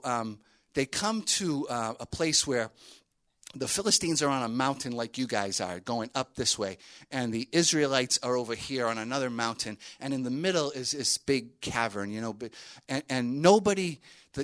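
A man's voice: mid-range voice, a bit bright. Man retelling a story to a crowd. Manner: conversational, with many fillers and asides. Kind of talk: storytelling sermon to a group.

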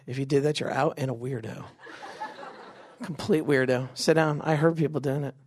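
A man's voice: on the high side, fairly even intonation, no room sound. Goofy young man leading a crowd game. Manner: goofy, quick asides, acts out voices. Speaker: youth event speaker leading a game. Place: event venue with a live audience.

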